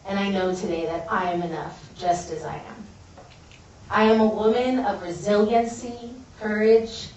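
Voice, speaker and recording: A woman's voice: mid-range voice, muffled recording. A woman gives an earnest, heartfelt personal testimony as a guest speaker at a college event. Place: large building at a college event. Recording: echoey hall from a distance.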